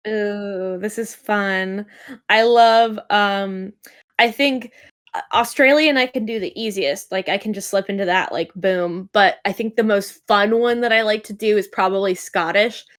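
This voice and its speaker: A woman's voice: mid-range voice, a little slow. A young adult woman, a voice actress, chatting casually and bubbly in an interview, with lots of fillers and laughter.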